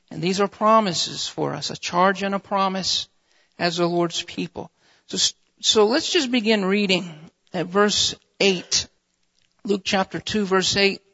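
A man preaching in a church sanctuary, his voice unusually high and bright with a gravelly edge. He moves from measured scripture reading into rising, fervent exhortation. The sound is dull and carries a long hall reverb. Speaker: pastor. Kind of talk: sermon.

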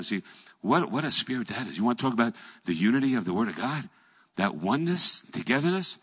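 A middle-aged man preaching a sermon, telling a story and swinging from quiet, low asides to loud, animated passages. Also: quick pace, breathy edge. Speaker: pastor. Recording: echoey hall, dull lo-fi sound.

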